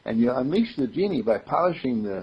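A man's voice: mid-range voice, sing-song, fairly quick, breathy edge. A man giving an informal spiritual talk to a group, playful and chuckling, repeating affirmations, on a dull lo-fi recording. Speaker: spiritual teacher.

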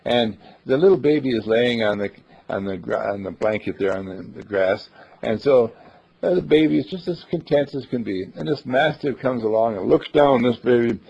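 A man's voice: mid-range voice, lively intonation, moderate pace, gravelly, darkish tone, slightly rough. An older man giving a homespun sermon full of stories. He speaks in a folksy, earnest way and hesitates with small fillers. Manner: folksy and earnest, hesitant with uhs, acts out quoted voices. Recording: dull lo-fi recording.

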